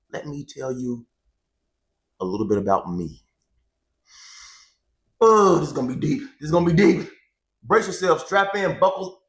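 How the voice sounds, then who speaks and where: Speaking into a handheld microphone, a twenty-something male vlogger offers an animated, casual testimony to his viewers and repeats phrases to drive points home. The voice sits on the low side with a slight roughness.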